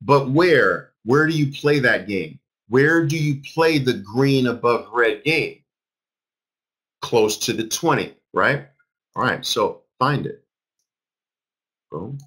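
An emphatic man in his fifties leads a live trading class, his pitch swinging up and down. His voice has a husky edge. He repeats phrases and fires questions at his listeners. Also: expressive, takes it slowly, long pauses, a bit bright. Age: 50s. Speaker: trading instructor.

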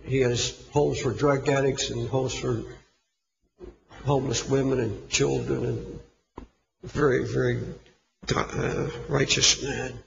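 A man's voice: mid-range voice, level tone, slow, gravelly, long pauses, a little hiss or hum. A man preaching a sermon, telling a story with fervent, impassioned delivery. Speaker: pastor. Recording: echoey hall, dull lo-fi recording.

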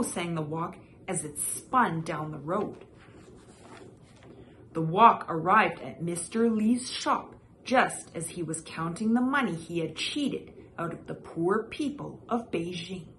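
A woman reading a children's picture book aloud in a gentle, expressive way as the regular storyteller of her show. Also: fairly low pitch, slow, slight background noise.

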